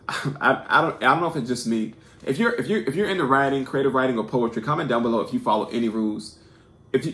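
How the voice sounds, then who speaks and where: A man with a gravelly, slightly rough voice teaches a casual poetry lesson. He talks informally, trips over his words and restarts often, checking in with his listeners. The sound bounces around an echoey room. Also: medium pitch, a bit bright. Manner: halting, many repeated words and restarts, keeps asking "right?"; self-deprecating and informal. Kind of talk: casual unscripted video lesson.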